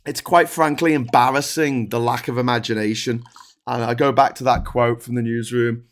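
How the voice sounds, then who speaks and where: A man's voice: medium pitch, steady tone, moderate pace. A man hosting a political livestream, ranting in an exasperated, sweary way. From United Kingdom.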